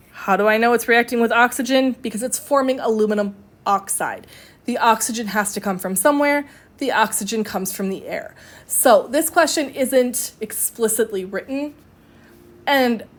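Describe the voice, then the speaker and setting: A woman chemistry instructor giving a recorded lecture, explaining step by step in a conversational way with fillers and self-corrections. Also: a little high.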